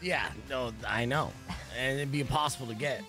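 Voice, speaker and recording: A man's voice: medium pitch, moderate pace, pushed and bright, faint music behind. A man hosting a casual radio podcast, rambling and joking while fighting the hiccups. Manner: rambling, jokey, interrupted by hiccups. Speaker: podcast host.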